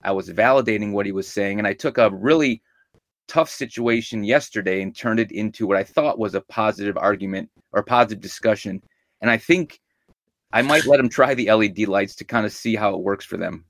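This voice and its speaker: A man's voice: fairly low pitch, fairly quick, a bit bright, dry recording. A middle-aged man hosting a podcast, telling stories in an upbeat, casual way. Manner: upbeat, storytelling. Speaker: podcast host.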